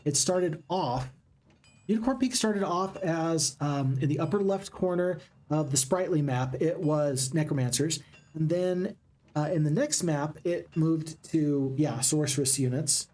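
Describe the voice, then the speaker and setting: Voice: medium pitch, measured pace, a little mellow. A gaming channel host giving upbeat, casual let's-play commentary and chatting with viewers.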